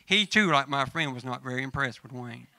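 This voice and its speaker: A man with a Southern American accent preaches a folksy sermon in a medium-pitched, brisk, gravelly voice that sounds pushed and bright. He mixes humorous storytelling and scripture reading, telling funny stories and addressing church members by name.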